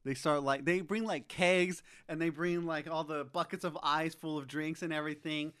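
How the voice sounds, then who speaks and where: A relaxed man in easygoing conversation, his voice a touch high for a man. He interjects, laughs readily and drops casual swears as he adds his take on the story. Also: moderate pace, clear, resonant tone. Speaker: podcast co-host. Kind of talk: casual chat.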